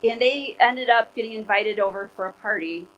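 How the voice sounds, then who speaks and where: A woman's voice: mid-range voice, normal speed, fairly bright tone, rough recording. A woman pastor in her forties giving a candid, conversational sermon, full of "like" and "you know". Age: 40s.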